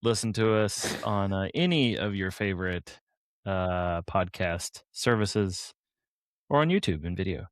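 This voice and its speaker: A man's voice: deep voice, expressive, unhurried, no echo, clean studio sound. A man co-hosting a comic book podcast in casual chat, reacting with wry disbelief. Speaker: podcast co-host.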